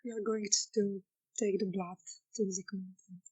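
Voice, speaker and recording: A woman player at a tabletop game talks quietly and softly, with a husky edge, and giggles now and then. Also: medium pitch, steady tone, normal speed, lo-fi sound. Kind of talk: casual tabletop play.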